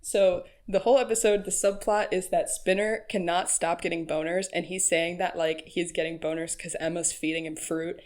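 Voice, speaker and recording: A woman's voice: lowish voice, steady tone, normal speed, few pauses, darkish tone. A woman hosting a casual recap voice-over, chatty and frank, laughing often and using lots of fillers. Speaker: YouTube recap host.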